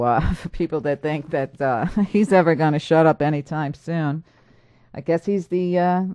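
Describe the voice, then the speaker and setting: Upbeat woman host, smooth dry voice. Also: sits low, dark tone, dry recording. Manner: enthusiastic, many fillers. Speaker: show host. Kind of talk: casual interview chat.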